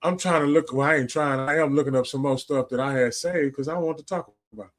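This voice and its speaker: A man's voice: fairly high pitch, fast talker. A man, hosting a livestream and giving a casual, preachy monologue full of slang, profanity and repetition. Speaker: livestream host.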